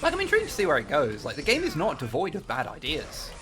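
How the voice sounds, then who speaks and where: A man's voice: fairly high pitch, huge pitch swings, fast talker, noisy background. A man streaming a game, chatting casually with a co-host, rambling and swearing, with lots of fillers. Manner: rambling, profane, full of fillers. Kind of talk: casual gaming chat.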